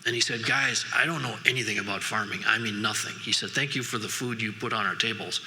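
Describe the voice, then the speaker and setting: Middle-aged man, keynote speaker, folksy rambling storyteller, bright forceful voice, long hall reverb. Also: on the low side, quick pace. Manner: folksy storytelling with frequent asides and restarts. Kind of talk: conference keynote talk. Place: large conference hall.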